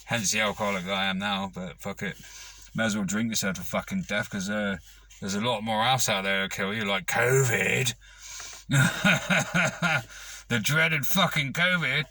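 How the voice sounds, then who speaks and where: A man's voice: fairly low pitch, fairly even intonation, a little slow, pushed and bright, no room sound. A man ranting to camera, rambling and swearing with lots of fillers. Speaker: vlogger.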